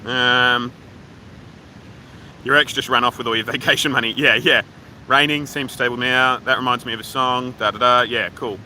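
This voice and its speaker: A man's voice: medium pitch, steady tone, moderate pace, pushed and bright, a little hiss or hum, low-quality recording. An Australian man livestreaming outdoors from his phone, rambling casually and swearing freely while reading viewer comments. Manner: rambling, profane, offhand. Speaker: livestream host. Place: outdoors at a waterfall park.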